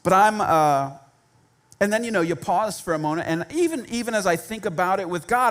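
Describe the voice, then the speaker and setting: A man's voice: very high voice, animated, brisk. A male pastor telling a personal story in a conversational sermon, self-deprecating and laughing at himself.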